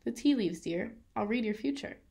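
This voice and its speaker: A woman's voice: on the high side, animated, normal speed, vocal fry, mellow. A woman voicing a fussy, genteel older actress who speaks politely.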